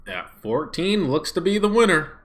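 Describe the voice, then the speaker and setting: A man hosting a live watch-party stream who swings between hyped shouting and muttered grumbling, recorded on a smartphone. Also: high-pitched, sing-song, moderate pace. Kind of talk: excitable live reaction stream.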